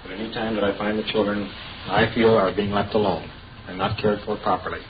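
Deep-voiced, firm police officer. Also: male voice, flat delivery, brisk, a crowd in the background. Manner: firm, formal, lecturing. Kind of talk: on-duty questioning. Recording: lo-fi noisy field recording.

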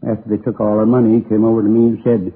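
A weary injured older husband. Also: male voice, lowish voice, level tone, very fast, slightly rough. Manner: plaintive and weary. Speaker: injured tavern owner. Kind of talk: 1950s radio police drama. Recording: narrow lo-fi old radio broadcast.

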